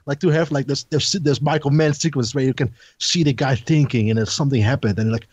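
A man co-hosting a podcast, chatting casually about films, excitable and stammering, laughing often. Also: medium pitch, brisk, slightly rough, no room sound. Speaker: podcast co-host. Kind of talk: casual film chat.

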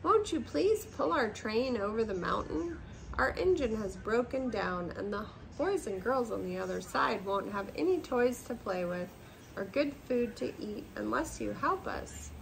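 A woman's voice: on the high side, expressive, a little slow, creaky, a little hiss or hum, rough recording. An older woman voicing a group of dolls and toys begging for help in a storybook reading. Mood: pleading. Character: chorus of pleading dolls and toys.

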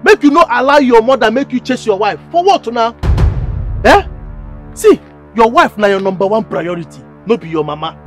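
Man acting as a nigerian street hawker, preachy and insistent, high voice, lively swings, faint music under. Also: full character voice. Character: meddling male hawker who warns against bad advice. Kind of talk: Nigerian Pidgin skit acting.

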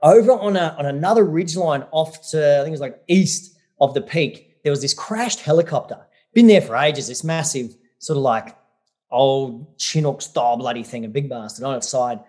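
A man's voice: a little high, moderate pace, darkish tone, slightly rough. Blunt, swearing man. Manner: blunt, swears freely, says mate a lot. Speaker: guest adventurer. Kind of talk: casual interview storytelling.

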